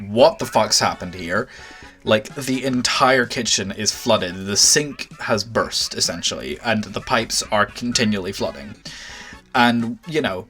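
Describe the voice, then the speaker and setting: A young man telling a storytime anecdote, exasperated and swearing, with animated outbursts. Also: lowish voice, a little slow, soft background music. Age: young adult. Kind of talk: storytime vlog.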